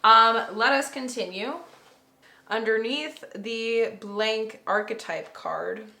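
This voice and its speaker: A woman's voice: a little high, slow pace, vocal fry, pushed and bright, reverberant. A woman chatting casually to camera as she lays out a tarot reading, thinking aloud and breaking into gushing bursts. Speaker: tarot reader. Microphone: camera mic.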